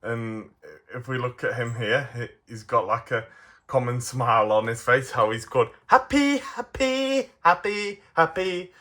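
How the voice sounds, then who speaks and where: A man's voice: mid-range voice, flat delivery, normal speed, bright, forceful tone. A man reviewing toy figures in a casual, playful way, giggling often.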